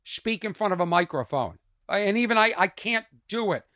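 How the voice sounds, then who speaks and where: High, bright-voiced man ranting sarcastically. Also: fairly quick, no room sound. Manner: exasperated, sarcastic, animated. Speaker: podcast host. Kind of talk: comic ranting monologue. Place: small trailer.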